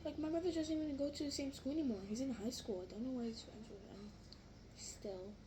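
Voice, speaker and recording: High-voiced young girl chatting about slime. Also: fairly even intonation, fairly quick, noisy background. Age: child. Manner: chatty, easily amused, exaggerated reactions. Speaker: slime vlogger. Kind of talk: casual vlog chat.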